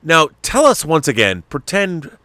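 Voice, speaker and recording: A middle-aged man hosting a podcast, telling stories in an animated, emotional way with many restarts. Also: on the high side, measured pace, no room sound. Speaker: podcast host. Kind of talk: casual chat.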